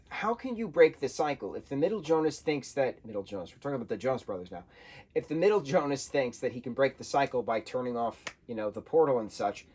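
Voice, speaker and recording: A man giving an excitable, casual review monologue, peppered with slang and repeated exclamations. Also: mid-range voice. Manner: excitable, animated, repeats slang like "bro" and "wild". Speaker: show reviewer.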